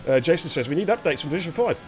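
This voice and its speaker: A man's voice: on the high side, animated, racing, faint music behind. A man hosting and calling a live sim racing stream, chatty and teasing, greeting viewers by name. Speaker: lead commentator and host.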